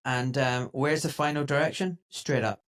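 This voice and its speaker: An emphatic man hosting a casual podcast conversation. He talks with conviction and gets lively when he imitates other people's voices. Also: mid-range voice, moderate pace. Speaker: podcast host.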